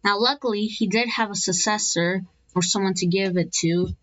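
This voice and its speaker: A woman casually narrating over an animated map, rambling and correcting herself as she goes, slipping into playful asides. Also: medium pitch, moderate pace, no room sound, highs cut off.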